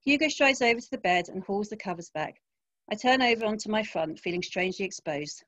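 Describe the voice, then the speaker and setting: A woman author reading her first-person crime story aloud in a wry, even narration over a video call. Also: medium pitch, a little fast, dry recording. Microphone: home computer mic, video call.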